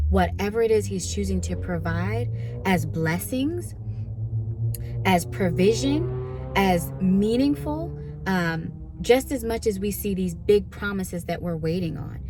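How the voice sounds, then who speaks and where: A woman minister gives a relaxed devotional teaching in a conversational way. She keeps checking in with her listeners and slips into quoted voices to act out their complaints. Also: mid-range voice. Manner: conversational, asks listeners "right?".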